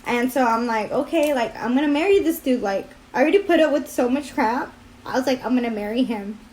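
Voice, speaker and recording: High-voiced tearful young woman vlogger. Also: fairly quick, darkish tone. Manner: rambling, filler-heavy storytelling. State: tearful, crying. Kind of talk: casual confessional vlog.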